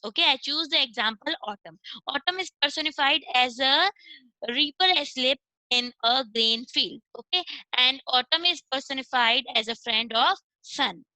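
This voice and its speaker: A high-pitched Indian woman teaches an online class in a very bright, sharp voice. She explains each point step by step, slips between English and Hindi, and keeps checking with "okay". The sound is close and dry, with no room around it. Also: normal speed, dry recording, rough recording.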